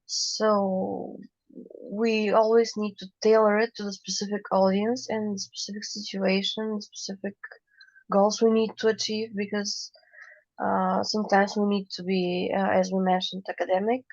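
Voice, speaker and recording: A woman with a creaky, flat-toned voice adds her view in a measured, agreeable way, pausing on fillers. The recording sounds dull and lo-fi, with a dry, close sound. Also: mid-range voice, no echo. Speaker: co-presenter in discussion. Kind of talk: casual discussion.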